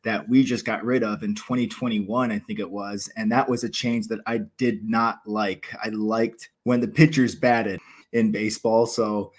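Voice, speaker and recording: A man's voice: fairly low pitch, flat delivery, normal speed. A man from the United States talking casually to camera about cricket, rambling and poking fun at himself. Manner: rambling, self-mocking, chatty. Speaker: cricket video host. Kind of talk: casual solo commentary to camera.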